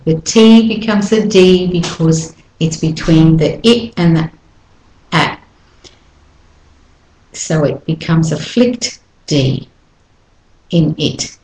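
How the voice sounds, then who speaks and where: A woman with a lowish voice teaches English pronunciation at an unhurried, careful pace. She says each phrase several times, stressing how the sounds link together. The room adds a noticeable echo. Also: a little mellow. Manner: repeats each phrase slowly, stressing linking. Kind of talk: slow, deliberate lesson with modeled phrases. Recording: roomy echo.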